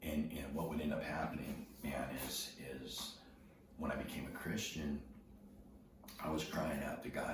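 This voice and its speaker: A man tells a personal story in a casual, animated way, slipping into surfer slang and acting out what people said. He sounds far from the mic in a very echoey room. A clear hum of background noise runs underneath. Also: a bass voice, moderate pace. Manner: animated, acts out voices in his anecdotes, surfer slang. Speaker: storyteller sharing his life story.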